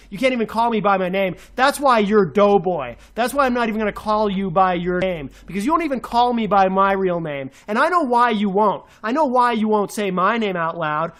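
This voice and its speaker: A man's voice: sits high, a bit bright. A man co-hosting a radio show, ranting furiously with sarcastic, insulting outbursts. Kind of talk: angry on-air rant.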